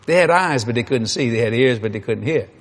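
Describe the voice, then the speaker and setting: A man's voice: medium pitch, expressive, a little fast. A man preaching a sermon, telling folksy stories in an emphatic way.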